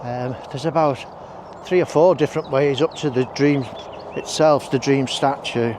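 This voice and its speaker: A man with a mid-range, steady voice talks at a moderate pace over background noise. He's a walking vlogger doing casual walk-and-talk narration outdoors on roads and country paths, panting between rambling asides.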